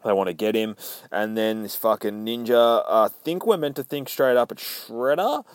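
A man's voice: medium pitch, moderate pace, clear, resonant tone, no room sound. A man recapping a comic book in casual chat, swearing constantly and acting out the characters' lines.

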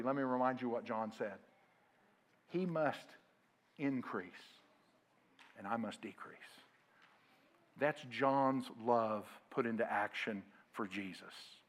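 A male pastor preaching a sermon to his congregation, calling on them to answer aloud and swinging from loud emphasis to quiet asides. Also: mid-range voice.

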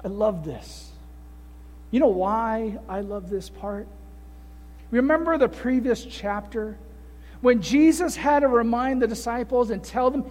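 Male pastor, very high voice, animated storytelling sermon, heard in a reverberant hall. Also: normal speed. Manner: animated storytelling with rhetorical questions.

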